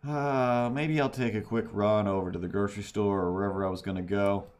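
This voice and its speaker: A man's voice: lowish voice, steady tone, a little fast, a little mellow, a little hiss or hum. A man livestreaming while he draws, telling a story in a rambling way with restarts and laughs. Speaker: livestreaming artist. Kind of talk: casual livestream chat while drawing.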